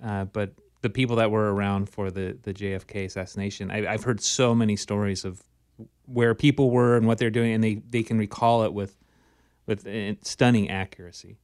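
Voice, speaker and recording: Male co-host, easygoing chat, low voice, dry sound. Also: fairly even intonation, a little fast, darkish tone, clear, resonant tone, dry recording. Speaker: radio co-host. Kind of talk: casual radio chat.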